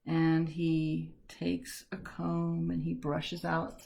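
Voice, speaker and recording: A woman's voice: low-pitched, completely flat delivery, very slow, vocal fry, darkish tone, a little hiss or hum. A woman teaching a live step-by-step painting lesson from home, chatty and self-deprecating, with corny jokes. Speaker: art teacher.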